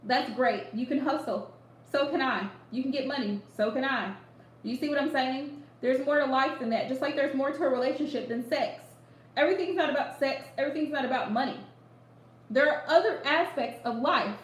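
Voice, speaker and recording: A woman hosting a live chat with her viewers, animated and emphatic, repeating her points and laughing often. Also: high voice, fairly quick, roomy sound, rough recording. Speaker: livestream host giving readings.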